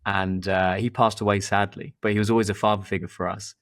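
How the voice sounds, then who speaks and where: A fairly low-voiced Englishman speaking a little fast hosts a podcast, telling stories in a loose, meandering, conversational way. He's also a performance coach, repeats words often, and becomes animated over anecdotes.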